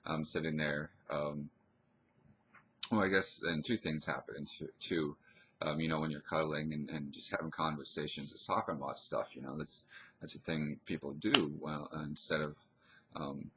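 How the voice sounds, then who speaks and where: A man telling a personal story in a casual, hesitant way, pausing and restarting often. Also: a bass voice, fairly even intonation, fairly bright tone, slight background noise. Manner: hesitant, rambling, full of pauses and restarts.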